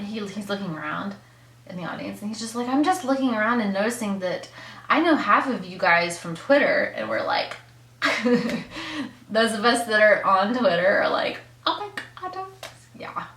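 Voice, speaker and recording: A young woman vlogger telling an excited story in a casual, gushing way, full of "like" and laughs. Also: lowish voice. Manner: gushing fangirl, lots of "like" and laughs. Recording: echoey room.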